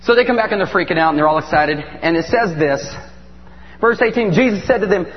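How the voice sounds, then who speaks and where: A man's voice: high voice, lively intonation, a little fast, long reverb tail, lo-fi sound. A man preaching a comic sermon in a large church, joking and teasing his audience. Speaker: pastor.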